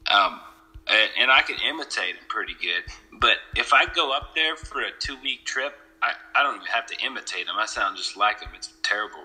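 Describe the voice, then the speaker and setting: A man's voice: lowish voice, animated, fairly quick, bright, forceful tone, faint music behind, low-quality recording. A man with a Canadian accent and a slight Southern drawl, co-hosting a casual chat and joking with his friends. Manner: joking, restarts often. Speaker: podcast co-host.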